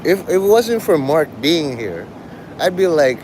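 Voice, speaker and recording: A livestreamer chats casually with his viewers, rambling along in a provocative, foul-mouthed way. His voice is a little high and darkish, very animated but measured in pace, with a faint hiss or hum in the background.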